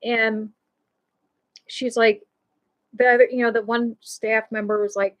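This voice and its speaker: Woman, high-pitched, rambling emotional storyteller, live show host. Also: flat delivery, a little slow, poor audio. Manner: rambling and emotional, heavy with "you know" and restarts. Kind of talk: personal storytelling.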